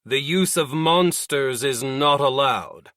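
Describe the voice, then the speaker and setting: A man voicing a formal male official who announces duel terms in a loud, measured way. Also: medium pitch, no room sound, studio quality.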